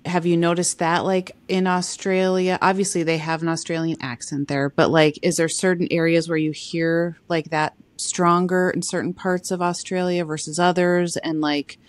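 A woman co-hosting a podcast in casual chat, upbeat and asking questions with quick affirmations. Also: lowish voice, flat delivery, no room sound.

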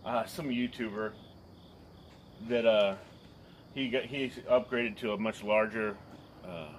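A man's voice: on the low side, fairly even intonation, slow pace, a little hiss or hum. A man giving a casual, rambling tour of his garage and tools, full of fillers and self-deprecating asides. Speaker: lawn care business owner giving a garage tour.

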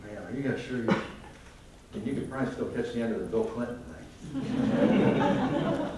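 Before a live audience in a large hall, a man speaks as a photographer in a wry, self-deprecating, humorous stage talk. His mid-range voice swings hugely in pitch at a moderate pace, picked up by a distant mic in the echoey room amid heavy background noise.

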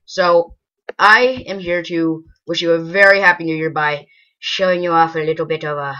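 A woman giving casual gameplay commentary in a lower-pitched but bright, forceful voice. She rambles and gushes excitably, often bursting into loud exclamations. The recording is dull and lo-fi. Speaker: gaming channel host.

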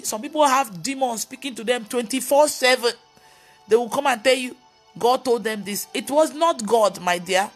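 A woman pastor preaching on a live video, telling stories and scolding with emphatic exclamations. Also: on the high side. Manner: animated storytelling, mimicking others' voices.

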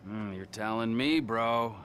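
A man's voice: lowish voice, a little slow, a bit bright, slight background noise. An actor playing a volatile, sarcastic middle-aged male criminal in a video game cutscene, drawing words out with mock politeness and dropping into sudden whispers. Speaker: criminal old friend returning from the past.

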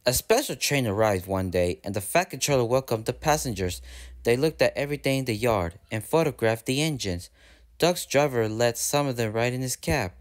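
A man narrating a storybook aloud in a steady, even read-aloud manner. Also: mid-range voice, moderate pace. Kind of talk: storybook reading.

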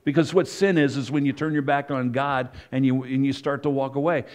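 A man's voice: medium pitch, brisk, hardly any pauses, darkish tone. A middle-aged man, a pastor, giving a conversational sermon full of asides and self-corrections.

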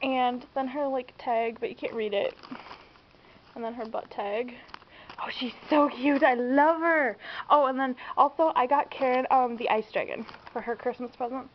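A woman's voice: high-pitched, fairly even intonation, normal speed. A young woman chatting casually through an unboxing, gushing and giggling. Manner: bubbly and gushing, squeals and giggles often. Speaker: vlogger. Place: home room indoors. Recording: dull lo-fi home camera audio, faint hiss.

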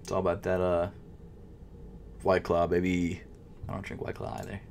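With a deep, gravelly voice, flat delivery and moderate pace, a young sneaker vlogger mutters at a checkout while casually commenting live on his online shopping. He's frustrated, nervous and stuttering, swinging from loud outbursts to quiet mumbling to himself. Slight background noise is present.

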